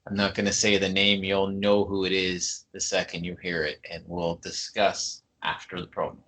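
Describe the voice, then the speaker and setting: A man co-hosting a wrestling podcast, introducing clips in a relaxed, matter-of-fact way. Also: sits low, moderate pace. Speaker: podcast co-host. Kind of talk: casual chat.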